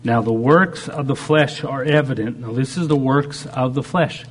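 A man's voice: medium pitch, moderate pace, husky. A man preaching a sermon, shifting dramatically in tone and acting out the voices he quotes. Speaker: pastor.

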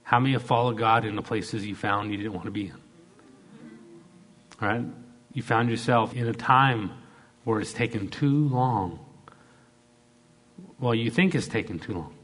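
A man's voice: fairly low pitch, a little slow, pauses often, fairly bright tone, a little hiss or hum. A middle-aged man, a pastor, preaching an emphatic sermon and leading the congregation in call-and-response.

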